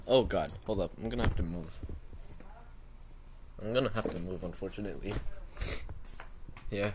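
A teenage boy hosting a casual reaction video at home, excitable and self-mocking, saying "bro" a lot. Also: on the low side, normal speed, long pauses, breathy edge. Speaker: channel host reacting to his own old basketball video.

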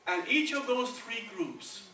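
Spanish-accented guy giving a sermon, keeps asking okay right, high sharp tone, faint room hiss. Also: expressive, measured pace. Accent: Spanish-accented English. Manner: conversational, checks in with "okay" and "right". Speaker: preacher. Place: church sanctuary. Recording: echoey church, from far off.

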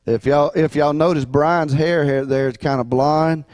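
Folksy pastor, dry sound. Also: male voice, fairly high pitch, fairly even intonation, measured pace, darkish tone, no echo. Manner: folksy, rambling, Southern colloquial phrasing. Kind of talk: casual sermon talk during offering. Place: church sanctuary.

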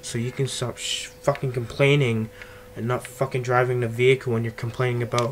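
A man's voice: mid-range voice, level tone, a little fast, a little hiss or hum. Male gameplay commentator, angry and foul-mouthed, recorded on cheap earbuds. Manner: ranting, swearing constantly. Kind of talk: casual game commentary.

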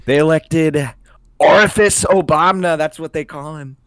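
A man's voice: a little high, unhurried, a bit bright, clear, resonant tone, no room sound, pitched above the performer's own voice. A man voicing a boastful, blustering older politician who speaks in repetitive superlatives. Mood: bragging.

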